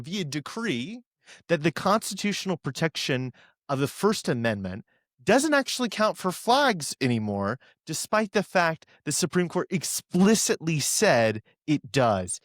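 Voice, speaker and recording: A man's voice: a little high, no room sound, studio quality. A man co-hosting a political commentary show, talking in a sarcastic, indignant way.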